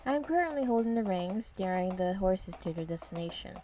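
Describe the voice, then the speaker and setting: A woman's voice: mid-range voice, animated, a little fast, few pauses, warm tone, slight background noise. A woman narrating a first-person story in a descriptive, wry way.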